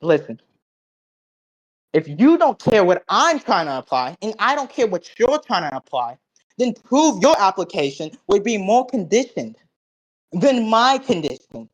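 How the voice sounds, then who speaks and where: A man recapping an online debate, cocky and profane, lecturing in logic jargon with loud bursts and low mutters. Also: sing-song, measured pace.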